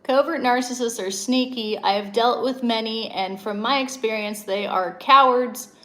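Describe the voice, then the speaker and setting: Young woman, livestream host, emphatic, slightly high voice, chatty coach. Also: normal speed, fairly bright tone. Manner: emphatic, reads and answers viewer comments. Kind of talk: casual livestream talk.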